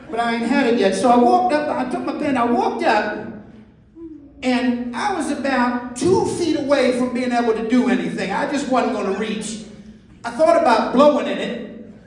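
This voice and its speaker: Performing crude stand-up at a club, this comedian in his fifties speaks in a very high-pitched voice at a moderate pace, pausing often as he tells stories and voices the dialogue himself. It's captured from a distance in an echoey hall, where audience laughter, a faint crowd and slight background noise can be heard.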